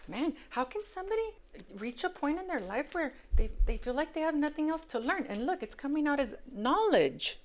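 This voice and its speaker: A woman reading tarot cards in a casual, emphatic monologue. She repeats words for stress and swings between hushed asides and loud exclamations. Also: sits high, very animated, moderate pace. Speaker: tarot reader.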